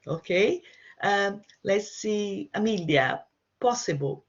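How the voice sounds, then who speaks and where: Woman, online teacher, slow and gravelly, dull video-call sound. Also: mid-range voice, animated. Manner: encouraging, slow and repetitive. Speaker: Portuguese teacher. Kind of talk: online language lesson.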